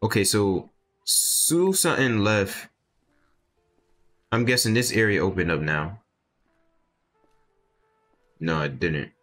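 A young man commentating a game in a casual way, reading the on-screen dialogue aloud and breaking into sudden loud outbursts. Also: fairly low pitch, animated, slow pace, long pauses, faint music behind. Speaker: gameplay video host.

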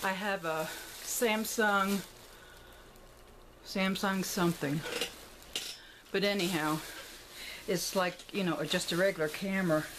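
A woman's voice: medium pitch, steady tone, slow, pauses often, noisy background. A woman chatting to her camera at home as she shows a shopping haul, thinking aloud and rambling as she goes. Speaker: vlogger showing a shopping haul. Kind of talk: casual chat to camera. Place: indoors at home, room with a closet. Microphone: camera on a tripod.

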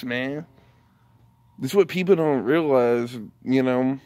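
A man's voice: mid-range voice, takes it slowly, long pauses, darkish tone. A man vlogging a casual rant, rambling and profane, often breaking into laughter.

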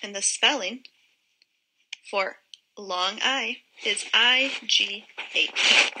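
Slow, bright-voiced phonics teacher woman. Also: mid-range voice, husky, low-quality recording. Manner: slow, drawn-out modelling of word sounds. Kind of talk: phonics lesson for young children.

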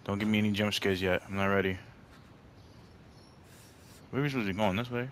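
Male gamer, let's-play commentary; jumpy, easily scared, low-ish voice. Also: fairly even intonation, a little fast, a little hiss or hum.

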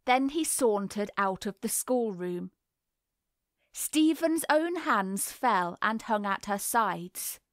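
A woman narrating a classic novel in a measured, deliberate reading voice. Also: on the high side, no echo, studio quality. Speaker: audiobook narrator. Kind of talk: scripted literary narration.

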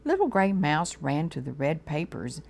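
A woman with an American accent reading a storybook aloud to children on a TV show, slow and gently expressive. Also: sits low, gravelly. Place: TV studio.

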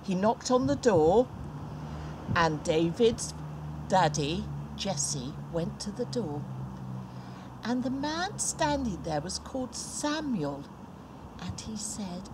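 A woman presenting a preschool Bible story, speaking gently and playfully to a young child. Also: mid-range voice, slow, long pauses, reverberant, background noise. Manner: gentle, animated, talking to a toddler.

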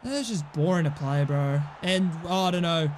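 Young guy ranting over his gameplay, highish voice, sarcastic and annoyed, faint hum behind. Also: animated, normal speed. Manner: exasperated, sarcastic, swears a lot. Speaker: gaming channel host. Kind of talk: casual gameplay commentary.

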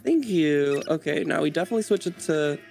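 A man's voice: a little high, expressive, a little fast, creaky, over music. A young man in casual gaming chat, laughing, swearing and rambling through stories. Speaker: gamer.

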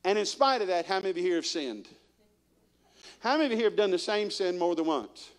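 With a high-pitched voice and a fast way of talking, a man preaches as a guest in a church. His sermon is lively storytelling, broken up by question after question put to the congregation.

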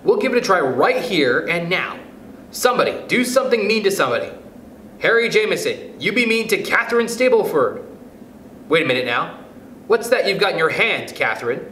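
A man's voice: sits high, big pitch swings, fairly quick, sharp tone, voice pushed up, exaggerated voice. A man reading a storybook, voicing an earnest, fussy little male mouse who speaks solemnly and lectures. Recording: echoey room, faint background noise.

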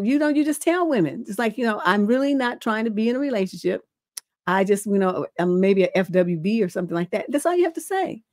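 A woman's voice: on the high side, a little mellow, no room sound, clean studio sound. Blunt middle-aged woman advice host. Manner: blunt and profane, tells stories. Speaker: relationship coach and advice show host. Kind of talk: livestream advice talk.

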